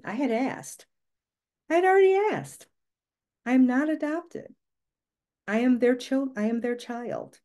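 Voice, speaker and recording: A woman's voice: on the low side, dark tone. A woman in her forties telling a personal story to an audience in an earnest, emphatic way, often asking rhetorical questions. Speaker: guest speaker.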